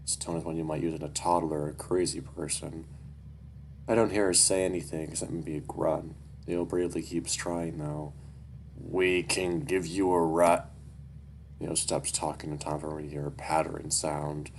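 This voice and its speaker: A man's voice: rumbling low, little pitch movement, moderate pace, vocal fry, a little hiss or hum. A young man reading a story aloud and breaking off into casual, candid, profane asides. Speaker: story reader.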